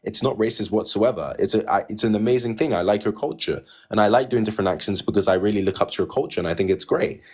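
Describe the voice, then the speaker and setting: A man's voice: on the low side, fast, hardly any pauses, a little mellow. A man from Nigeria hosting a livestream debate, insistent and argumentative, talking over the caller.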